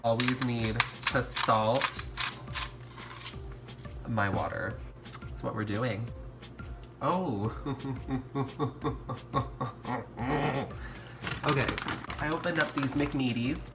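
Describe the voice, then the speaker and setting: A man's voice: mid-range voice, extremely slow, long pauses, loud music behind the voice. A man vlogging while he cooks in his home kitchen, campy and playful, talking to viewers as sis and honey. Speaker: YouTuber cooking at home. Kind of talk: casual cooking vlog.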